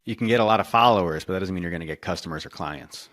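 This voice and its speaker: A man with a fairly low voice talks as an interview guest, telling stories animatedly. He often restarts his sentences and acts out what other people say. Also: very fast, a bit bright. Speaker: marketing consultant guest. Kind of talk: casual interview storytelling.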